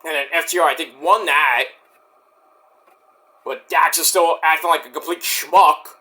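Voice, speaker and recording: A man's voice: on the high side, fairly even intonation, measured pace, pushed and bright. A man reviewing a wrestling show in casual chat, rambling, sarcastic and profane.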